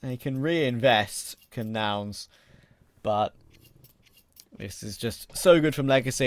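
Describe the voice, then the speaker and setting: A man doing color commentary on an esports match, analyzing plays in a loose conversational way. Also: medium pitch. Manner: conversational analysis with fillers like "you know".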